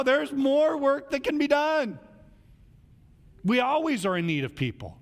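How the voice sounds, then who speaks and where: A man's voice: extremely high pitch, animated, measured pace, pauses often, in a large hall. A male pastor preaching a casual, conversational sermon in a church, acting out the voices of people he quotes.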